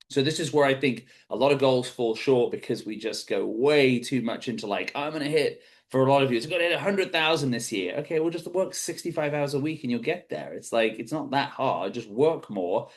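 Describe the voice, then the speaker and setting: A man, a golf professional, giving a motivational webinar talk in an animated, emphatic, conversational way. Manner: animated and emphatic, with sudden rises in pitch; conversational, with frequent restarts and "right?" tags.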